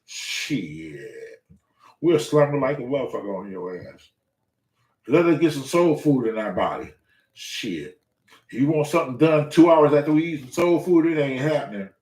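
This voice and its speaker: A man hosting a show, telling a story in casual, profane speech and acting out the quotes. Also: fairly quick. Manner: animated, profane, acts out quotes with loud pitch jumps. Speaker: show host. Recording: echoey room.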